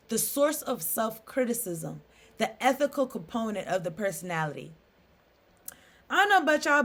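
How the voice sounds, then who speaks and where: A woman's voice: fairly high pitch, fairly bright tone. A woman giving a casual solo tarot reading, reading card meanings aloud and riffing with loose asides and frequent "okay?" check-ins. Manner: chatty, reads aloud then riffs with asides; frequent "okay?" and "I don't know" fillers. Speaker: tarot reader.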